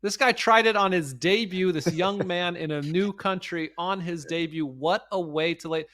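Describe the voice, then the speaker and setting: A man's voice: high voice, normal speed. A man in his thirties, a former player, chatting animatedly and with self-mockery as a soccer analyst. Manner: animated, self-mocking storyteller. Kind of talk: casual sports chat.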